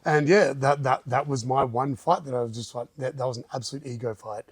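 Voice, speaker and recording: A man telling a story as a podcast guest, animated and acting out other people's lines. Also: mid-range voice, brisk, husky, dry recording. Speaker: guest, martial arts gym owner. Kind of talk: casual storytelling in a podcast chat.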